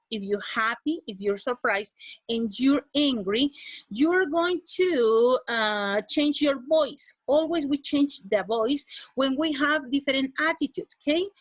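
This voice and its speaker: A woman's voice: sits high, fairly bright tone, dry recording. Woman teaching English, dry close mic. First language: Spanish. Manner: repeats "okay?" after each point, switches into Spanish. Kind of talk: online class lesson.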